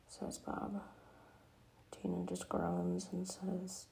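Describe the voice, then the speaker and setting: A woman softly retelling a cartoon episode as whispered role-play. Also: on the low side, extremely slow, creaky, long pauses, slight background noise, low-quality recording. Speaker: storyteller.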